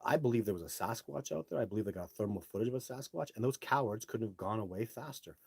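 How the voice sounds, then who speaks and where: Male live-stream host, low husky voice, blunt and brash, casual delivery. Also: expressive, fast, a little mellow, no room sound. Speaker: live show host reading viewer comments. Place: home setup, speaking to a phone.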